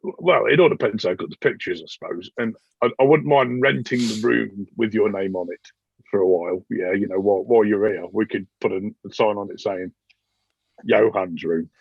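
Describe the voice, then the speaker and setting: A man's voice: fairly low pitch, fairly quick, vocal fry, slightly rough, no room sound, voice pushed down. A man voicing an eager, polite male innkeeper who bargains slyly with a guest. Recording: dull dry recording.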